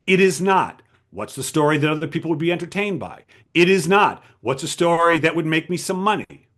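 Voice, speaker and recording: Male writing coach, high and very expressive, emphatic lecture delivery. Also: brisk. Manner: animated, emphatic, rhetorical questions. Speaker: writing coach giving a talk. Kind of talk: lecture to a writers' group.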